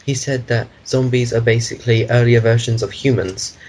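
A man's voice: mid-range voice, steady tone, moderate pace, darkish tone, rough recording. A man co-hosting a casual podcast chat, rambling through meandering explanations of his own ideas. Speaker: podcast co-host.

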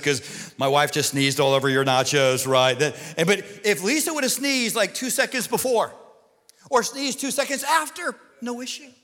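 A male pastor telling a funny story in a sermon, animated and comic, sometimes shouting the punchlines. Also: fairly high pitch. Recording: long reverb of a large hall.

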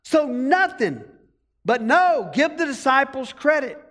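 A man's voice sits very high for a male speaker as he preaches a sermon. He takes his time, unhurried and deliberate, and drives each point home with rhetorical emphasis as the congregation's pastor. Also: sing-song, fairly bright tone, long reverb tail.

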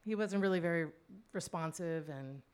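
A woman recounts a memory in an easy, conversational monologue. Her voice sits a little low and sounds smooth and clear, and she keeps a wry edge with frequent fillers and side comments. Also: normal speed, a little mellow. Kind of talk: personal storytelling, spoken monologue.

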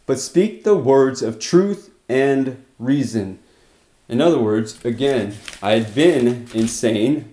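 A man teaches through scripture in a lively, expository way, punctuating his points with sudden loud bursts and quick laughs. His voice sits at a middle pitch with a dark, mellow tone. The room around him is echoey and reflective. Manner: animated, acts out quotes with bursts of loudness and laughs. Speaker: Bible teacher.

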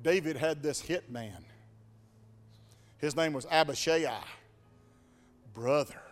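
A man preaching a sermon as pastor, dramatic, swinging from hushed to shouting. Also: fairly high pitch, slow pace, big-room sound, faint music behind.

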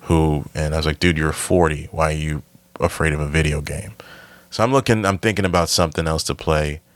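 A man with a very deep, low voice hosts a casual podcast in a dry, close-sounding recording. He rambles, restarts and fills pauses as he chats like a stand-up comic catching up with listeners. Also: steady tone, no room sound. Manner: rambling, self-correcting, filler-heavy.

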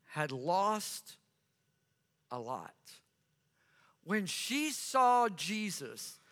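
Slow, bright-voiced male preacher. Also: high voice. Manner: earnest storytelling, repeats phrases for emphasis. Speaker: pastor. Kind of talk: sermon. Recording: long reverb of a large hall.

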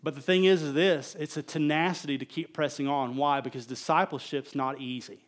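Speaking a little fast in a slightly high, steady voice, a middle-aged man preaches as pastor. The sermon is conversational and full of animated stories, alternating between loud emphasis and quieter asides.

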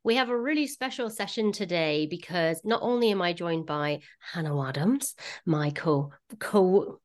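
A woman's voice: fairly low pitch, animated, moderate pace. A woman hosting a podcast in a casual, chatty way, with informal slangy asides. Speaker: podcast host.

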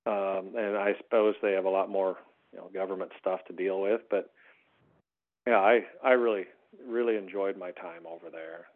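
An American man telling stories in a casual conversation as a podcast guest, his voice jumping up high when he makes a point. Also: moderate pace. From United States. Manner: animated storyteller, voice rising high on emphasis. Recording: tinny phone-line sound.

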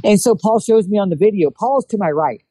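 A man's voice: sits high, brisk, breathy edge, no room sound, rough recording. A man telling a hunting story in a casual chat, acting out what people said. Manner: animated storyteller acting out quotes. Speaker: guest telling hunting stories.

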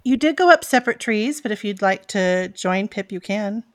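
A woman narrating as game master of a tabletop role-playing game with a dry, deadpan delivery. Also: medium pitch, moderate pace.

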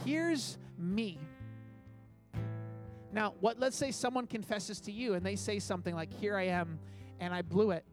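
A man with a fairly high voice preaches from a church stage into a microphone. He talks in an earnest, conversational way and acts out short quoted asides. Soft guitar plays faintly behind him. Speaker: pastor. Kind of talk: sermon.

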